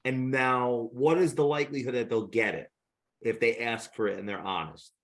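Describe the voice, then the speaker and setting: Mid-pitched man, eager host. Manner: interrupts to clarify, quick and apologetic. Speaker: podcast host. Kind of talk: casual interview talk.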